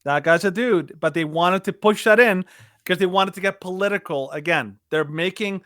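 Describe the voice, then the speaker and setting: A man with a fairly high voice talks through a casual podcast chat, stumbling over fillers and restarts as he hunts for words. He turns animated when he mocks something. The sound is dry and close, with no room around it. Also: normal speed, no room sound. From Latino heritage. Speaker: podcast co-host.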